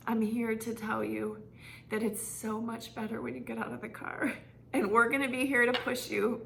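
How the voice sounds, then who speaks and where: Middle-aged fitness coach lady, earnest heartfelt storytelling, bit of fry in her voice, faint hiss behind. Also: a little high. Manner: earnest, personal storytelling with a gently emotional tone. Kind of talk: heartfelt monthly update to members.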